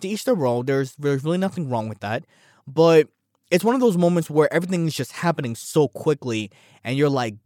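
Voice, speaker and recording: A man's voice: a little high, animated, brisk, dark tone, no echo, studio quality. A young man hosting a casual solo podcast, rambling and self-deprecating, repeating words as he goes, sounding a bit out of breath. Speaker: podcast host.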